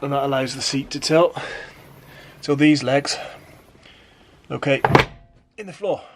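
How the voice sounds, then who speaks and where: A man's voice: medium pitch, a little slow. Sweary British man talking while working. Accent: British English. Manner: swears freely, dry self-mocking asides while working. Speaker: van conversion vlogger. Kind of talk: casual working commentary. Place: workshop, under and inside a van. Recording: noisy workshop recording with clicks.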